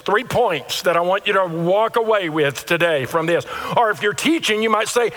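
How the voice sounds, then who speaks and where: A pastor delivers his sermon in a slightly higher voice, acting out what different churchgoers might say with real animation. His words ring out through a church sanctuary, trailing a long reverb behind them. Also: lively intonation, a little fast, hardly any pauses, sharp tone.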